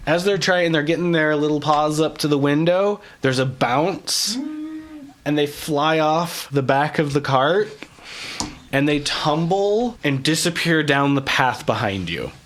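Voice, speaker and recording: Lively laughing game master man. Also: on the high side, measured pace. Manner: lively, laughs often while narrating. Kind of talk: narrating a tabletop game.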